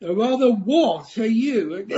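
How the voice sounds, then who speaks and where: A woman's voice: a little high, expressive, slow, warm tone. A woman playing a fussy, hopeful frog prince. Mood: prim. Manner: theatrical, fussy and pleading. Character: frog prince, young male, hopeful and pompous. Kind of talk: amateur radio play acting. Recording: slightly muffled radio play recording.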